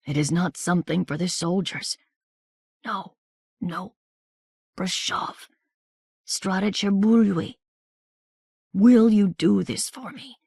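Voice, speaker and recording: A woman reading the lines of a delirious wounded young soldier in an audiobook, speaking softly and at times in a near whisper. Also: medium pitch, steady tone, slow pace, gravelly, pauses often, breathy edge, no echo, studio quality, pitched above the performer's own voice, heavily acted. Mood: pleading. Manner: soft, murmured, at times whispered.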